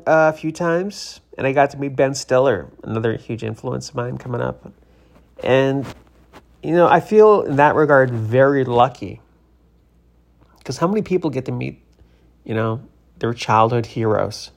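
Tired guy with a gravelly voice, rambling vlog story, lots of likes and you knows. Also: mid-range voice. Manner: rambling, many fillers and restarts. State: tired, yawning.

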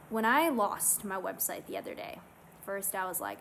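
A woman vlogger talking casually and earnestly to camera, guiding listeners through calming self-help steps. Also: medium pitch, measured pace, creaky, slight background noise, rough recording. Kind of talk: casual motivational talk to camera.

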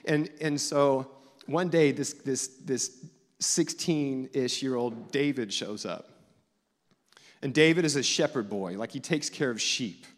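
Man pastor, casual storyteller, mid pitch, reverberant church hall. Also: measured pace. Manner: casual, storytelling, many restarts. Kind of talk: sermon. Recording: long echo of a church hall.

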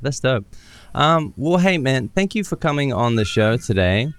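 A man's voice: medium pitch, very animated, normal speed, fairly bright tone, clear, resonant tone, no echo. A man with an Australian accent hosting a podcast, chatting casually and upbeat, often joking at his own expense. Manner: upbeat, chatty, self-deprecating. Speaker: podcast host. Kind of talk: casual interview chat.

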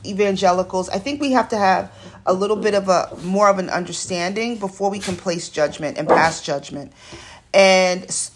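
A woman from New York City hosts a podcast alone, chatting through personal stories. She digresses often and talks at an ordinary pitch, recorded in a home studio. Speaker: podcast host. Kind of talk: casual solo monologue.

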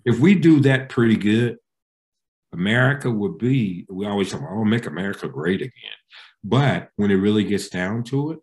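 A man's voice: animated, moderate pace, a little mellow. A man, a pastor, answering interview questions in an emphatic, preacherly way. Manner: emphatic, preacherly, with wide pitch swings.

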